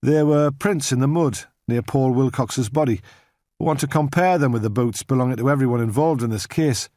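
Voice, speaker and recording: A man's voice: medium pitch, fairly quick, a little mellow, no echo, clean studio sound, natural voice. A man as a businesslike police inspector. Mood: probing. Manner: formal, businesslike, probing. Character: methodical male police inspector.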